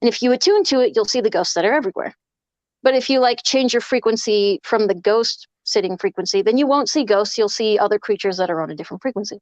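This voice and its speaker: A woman's voice: mid-range voice, quick pace, no echo, dull audio. A woman guest on a casual podcast, telling long rambling stories full of "like". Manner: rambling storyteller, many fillers of "like".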